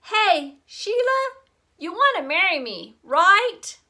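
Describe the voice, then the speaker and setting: A woman reading aloud, voicing an excitable little boy who is eager and loud. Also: high voice, moderate pace, voice pushed up, exaggerated voice. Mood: excited.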